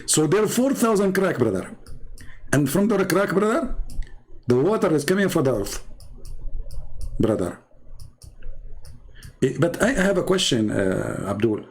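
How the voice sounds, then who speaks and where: Gravelly, husky man mocking while drawing. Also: a little high, sing-song. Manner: sarcastic, halting, many fillers and restarts. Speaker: commentator.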